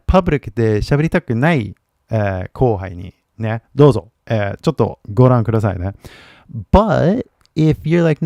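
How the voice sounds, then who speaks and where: Guy live streaming an english lesson, gravelly voice, dry sound, chatty and laughing. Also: fairly low pitch, darkish tone, dry recording. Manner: chatty, laughs often, switches languages mid-sentence. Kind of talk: casual live stream talk, mixing English and Japanese.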